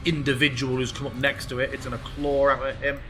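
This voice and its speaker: A man narrating as game master of a tabletop game, relaxed and casually swearing. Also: medium pitch, a little fast.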